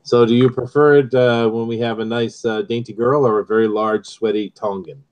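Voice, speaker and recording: A man's voice: medium pitch, fairly even intonation, moderate pace, highs cut off. A man chatting as a guest on a livestream, with a wry, dry humor. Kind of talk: casual livestream chat.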